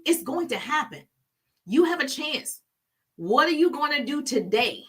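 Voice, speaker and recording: Middle-aged woman coaching live, bright sharp voice, punchy and repetitive. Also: high voice, normal speed. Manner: animated, preachy, repeats phrases for emphasis. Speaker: business coach. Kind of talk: live-stream coaching talk.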